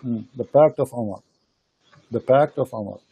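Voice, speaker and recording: A man hosting a heated online debate, insistent and repetitive, speaking halting non-native English into a computer mic. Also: medium pitch, gravelly, breathy edge, dull audio. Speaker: host of a live debate stream.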